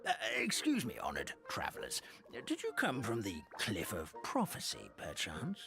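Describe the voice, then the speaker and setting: A chubby old paper hamster elder in a video game, speaking in a posh, courtly way. His pitch rises and falls in wide swings. Game music plays clearly underneath. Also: wildly swooping pitch, moderate pace, exaggerated voice. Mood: courteous. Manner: posh, old-fashioned, polite.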